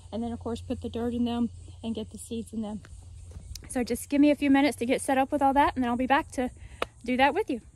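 A fast-talking woman with a slightly high, darkish voice and a steady tone vlogs from her backyard garden, chatting to the camera about each step of her work. Breathlessness creeps in at times, and the recording is low quality.

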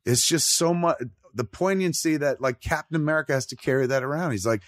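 A middle-aged man hosting a casual chat, talking in an animated, profane way and acting out lines in quoted voices. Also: a little high, a little fast, no room sound. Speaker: podcast host.

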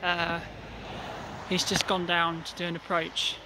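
Retrieve driver narrating their own work outdoors in a field, pausing often, medium pitch, light noise behind. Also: completely flat delivery. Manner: explains step by step as they go, with frequent pauses. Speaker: hot air balloon retrieve driver. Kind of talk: casual running commentary while working.

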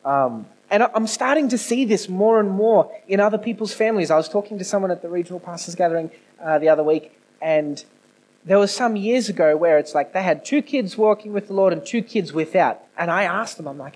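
A male pastor giving a conversational sermon, moving between quiet, intimate passages and raised, emphatic ones. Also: high-pitched, lively intonation, brisk, rough recording. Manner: conversational preaching with swings from soft to emphatic. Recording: no video, audio only.

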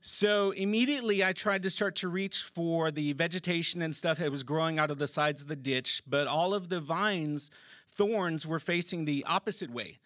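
A man recounts a personal story before a theater audience. His voice sits high, and his telling is casual and animated, salted with swearing and bursts of laughter. The sound is close and dry. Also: normal speed, dry recording. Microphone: stage microphone.

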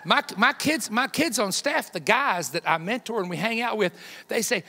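A man in his fifties, a guest evangelist preaching a sermon with folksy, joking personal stories that build to loud emphatic peaks. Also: high-pitched, animated, moderate pace. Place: church sanctuary. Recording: long hall reverb in a church.

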